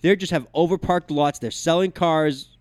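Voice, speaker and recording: A man co-hosting a casual talk show, telling stories in a rambling, animated way with lots of restarts. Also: on the high side, moderate pace, no echo. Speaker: podcast co-host.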